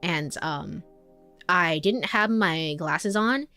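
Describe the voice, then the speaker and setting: A woman's voice: fairly low pitch, takes it slowly, pushed and bright, smooth, faint music behind. A young woman game streamer chatting casually while reading a visual novel aloud, rambling with lots of fillers and giggles.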